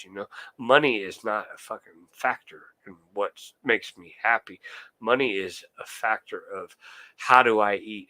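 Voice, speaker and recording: A young man on a live stream answers his chat in a heated, swear-filled rant. He has a fairly low, pushed, bright voice, and there's no echo.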